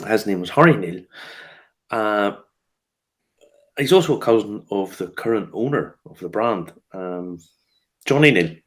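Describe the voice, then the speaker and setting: Chatty man, lowish voice. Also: lively intonation, measured pace, pauses often. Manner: chatty storyteller, laughs often, frequent fillers and restarts. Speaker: host of a whiskey news show. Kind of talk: casual chat.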